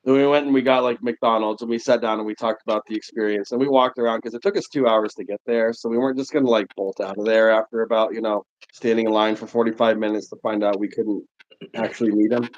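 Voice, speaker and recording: On a muffled, lo-fi livestream, the host, a fortyish man from New England, speaks fast in a lowish voice. He's caught up in a long, animated, casual story stuffed with filler words.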